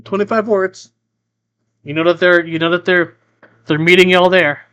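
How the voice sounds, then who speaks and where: A man's voice: high-pitched, fairly even intonation, moderate pace, a bit bright, clean tone. A man running a tabletop pirate game as game master, talking casually in a rambling way, full of restarts and asides.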